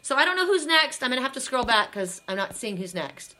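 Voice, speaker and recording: Bright-voiced, chatty middle-aged woman. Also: sits high, very animated, fast talker. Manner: chatty, emotional, repeats herself. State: tired. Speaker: oracle card reader. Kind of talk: live-stream card reading chat.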